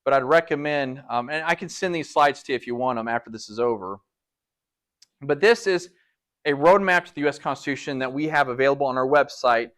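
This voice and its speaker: A man giving a lecture to a live audience in a meeting room, animated and full of rhetorical questions. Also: medium pitch, fairly quick. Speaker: speaker at a public talk.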